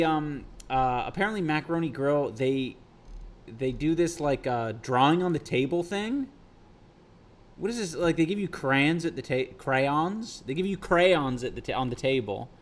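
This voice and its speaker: Slow-talking man chatting on a livestream. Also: mid-range voice, slight background noise. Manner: rambling, profane, reacting to chat. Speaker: streamer. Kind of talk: casual livestream chat.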